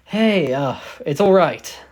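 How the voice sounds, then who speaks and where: A man voicing a short, bald, scheming older man who speaks smoothly and coaxingly, reading a fan story aloud. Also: fairly high pitch, lively intonation, slow, a little mellow, pitched above the performer's own voice.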